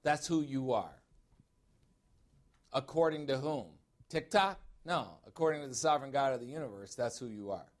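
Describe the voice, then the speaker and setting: A man's voice: mid-range voice, lively intonation, moderate pace. A middle-aged man from Chicago preaching a sermon as a pastor-teacher, emphatic and asking his congregation direct questions. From Chicago, USA.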